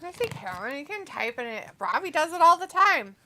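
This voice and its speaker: Bright-voiced woman reading chat aloud. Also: sits high, big pitch swings, normal speed, a little hiss or hum. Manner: reads viewer comments aloud, laughs easily. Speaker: stream co-host reading chat. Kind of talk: casual watch-along chat.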